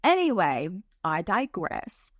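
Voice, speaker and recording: Low-voiced woman hosting a spiritual podcast. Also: huge pitch swings, takes it slowly, no room sound, clean studio sound. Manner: frank and profane, with frequent fillers. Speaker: podcast host. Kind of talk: casual spiritual talk.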